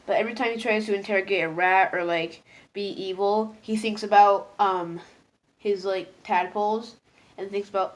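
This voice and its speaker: A woman's voice: mid-range voice, steady tone, normal speed. A woman casually reviewing cartoon episodes, rambling and hesitant, full of fillers, and laughing at herself as she gets easily moved.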